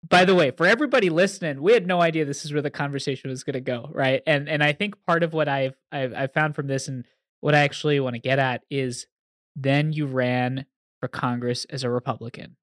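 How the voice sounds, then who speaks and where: A man's voice: medium pitch, fairly quick, fairly bright tone, no room sound, clean studio sound. A man hosting a podcast interview, asking questions in an eager, emphatic way. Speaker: podcast host. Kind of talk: conversational interview.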